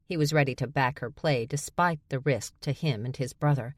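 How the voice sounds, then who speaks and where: A woman's voice: very deep voice, moderate pace, no echo. A woman narrating an audiobook with wry, dry storytelling. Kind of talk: scripted narration.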